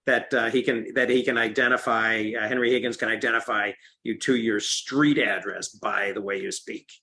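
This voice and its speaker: Bright-voiced American man, halting. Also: on the low side, steady tone. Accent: American, Midwestern-leaning. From New England, raised in upstate New York. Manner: hesitant, thinks aloud with many fillers. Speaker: book club host. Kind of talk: casual group discussion.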